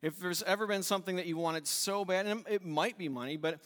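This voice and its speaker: A pastor giving a conversational sermon, retelling a story and acting out its voices with a light laugh. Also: male voice, sits high, a little fast, fairly bright tone, big-room sound.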